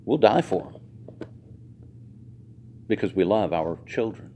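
A man's voice: low-pitched, lively intonation, slow pace, dark tone, slight background noise. A male pastor reading scripture aloud and preaching to his congregation, acting out the quoted voices and speaking directly to the listeners. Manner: conversational, addressing the congregation directly.

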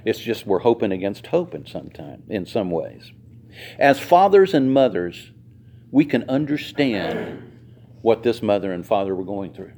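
A male pastor with a lowish, dark-toned voice reads scripture and preaches to his congregation at a measured pace, very animated as he acts out the quoted voices. He talks conversationally, addressing the listeners directly. A faint hiss or hum sits under the recording.

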